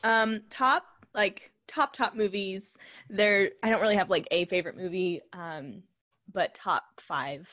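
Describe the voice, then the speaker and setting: A woman co-hosting a casual podcast, relaxed and rambling, giggling between thoughts. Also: medium pitch, measured pace, no echo, clean studio sound. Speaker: podcast co-host. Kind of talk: casual chat.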